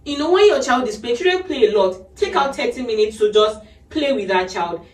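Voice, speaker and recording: A woman's voice: a little high, expressive, fairly quick, darkish tone. A woman hosting a podcast, giving earnest advice to parents in a casual chat and laughing often. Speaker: podcast host. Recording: echoey room, mic at a distance.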